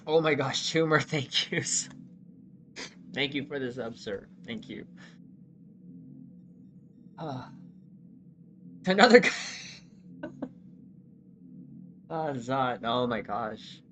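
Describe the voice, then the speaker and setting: A live streamer chatting with viewers, excitable, exclaiming and often laughing. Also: medium pitch, slow, long pauses, a little hiss or hum.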